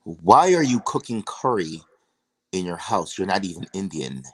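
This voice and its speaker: A man's voice: deep voice, sing-song, normal speed, noisy background. A man hosting a casual discussion, reflective and posing rhetorical questions. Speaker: discussion host.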